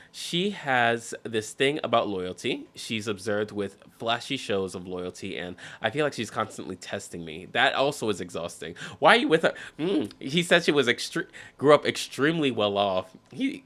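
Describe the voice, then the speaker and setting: A man's voice: medium pitch, expressive, moderate pace, sharp tone. A man hosting a casual show, reading relationship posts aloud and breaking in with sassy, mock-exasperated asides. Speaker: podcast host.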